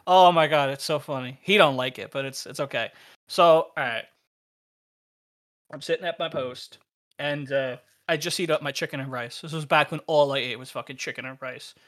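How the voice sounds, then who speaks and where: Young male podcast co-host, bright raised voice, animated profane storyteller. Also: fairly high pitch, moderate pace. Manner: animated, swearing, laughs while telling stories.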